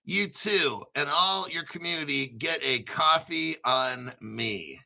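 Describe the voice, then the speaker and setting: High, bright, foul-mouthed crypto host. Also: male voice, animated, slow, vocal fry. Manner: crude, profane, boastful, jokey asides. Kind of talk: rambling live commentary reading a news article.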